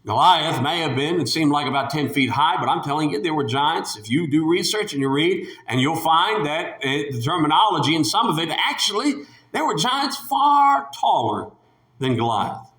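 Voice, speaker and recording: A man delivering a sermon with a high, bright voice. He preaches emphatically and repeats his points. The room around him is echoey. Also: lively intonation, normal speed.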